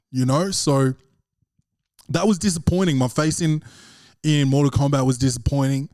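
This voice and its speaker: A man's voice: mid-range voice, moderate pace, long pauses, a little mellow, no echo, studio quality. A young man hosting a casual solo podcast at home, rambling and swearing, with "bro" and "man" in almost every sentence. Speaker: podcast host.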